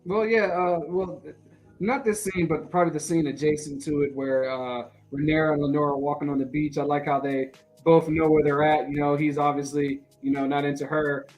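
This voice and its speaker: A man co-hosting a TV recap podcast, talking in a relaxed, analytical way. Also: fairly high pitch, brisk, soft background music, poor audio. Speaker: podcast co-host. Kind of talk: casual TV recap chat.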